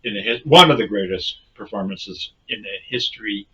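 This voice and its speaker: A man in casual comedic podcast chat, spinning rambling deadpan tall tales. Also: lowish voice, normal speed, highs cut off.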